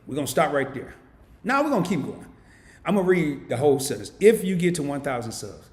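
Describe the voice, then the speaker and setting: A man hosting a casual live stream, reading viewer comments aloud and answering them playfully, swinging from loud hype down to low murmurs. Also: big pitch swings, fast talker, reverberant. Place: home.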